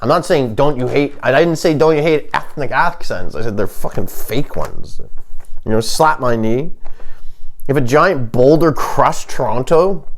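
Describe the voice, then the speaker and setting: A man hosting a comic monologue, rambling and halting with many fillers, delivering sardonic deadpan jabs. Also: mid-range voice. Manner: halting, full of fillers and restarts. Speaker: comedian host.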